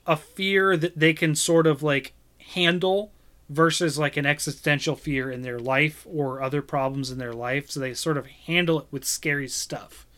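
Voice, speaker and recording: A man hosting a podcast who rambles along, pausing and restarting often. His voice is bright and forward, sitting a little high for a man. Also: steady tone. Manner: rambling, lots of fillers and restarts. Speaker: podcast host. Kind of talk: casual chat.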